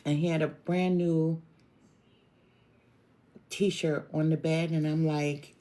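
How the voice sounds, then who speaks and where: A woman tarot reader telling a personal story to her viewers in a slow, drawn-out conversational way, with sighs. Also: low voice, level tone, mellow.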